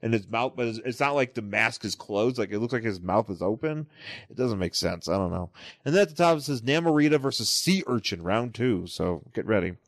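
A man with a lowish voice talks through a comic book on a podcast, rambling and restarting his sentences as he goes. The sound is close and dry, with no room around it. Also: expressive, no echo. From New York area. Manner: rambling, halting, many restarts. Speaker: podcast co-host. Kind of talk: casual comic book chat.

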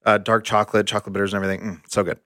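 A man's voice: on the low side, little pitch movement, rapid-fire, bright, forceful tone, no room sound, studio quality. Easygoing man co-hosting, laughs often. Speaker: co-host. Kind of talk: casual chat.

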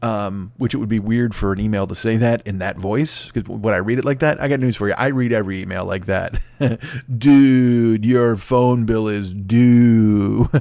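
A man hosting his podcast alone from home, rambling quickly with plenty of swearing, cracking himself up. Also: on the low side, vocal fry, no echo. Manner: rambling, profane, fast-talking and self-amused. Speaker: podcast host. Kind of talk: solo casual monologue. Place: home recording setup. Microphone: close mic.

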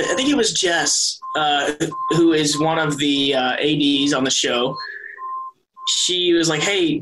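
Young guy talking about himself, kinda high voice, trips over his words a lot. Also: a bit bright, a little hiss or hum, poor audio. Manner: rambling, self-correcting, laughs often. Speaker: soap opera actor, guest. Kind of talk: casual interview chat.

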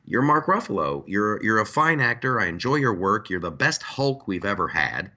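A man's voice: on the low side, moderate pace, lo-fi sound. A man hosting a podcast, joking and ranting in casual political chat. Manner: joking, ranting, animated asides. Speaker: podcast host.

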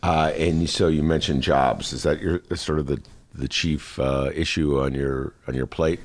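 A man's voice: very deep voice, steady tone, measured pace, dry recording. A man interviewing a political candidate, asking long, rambling questions full of "uh" and restarts. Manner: rambling, many "uh" fillers and restarts.

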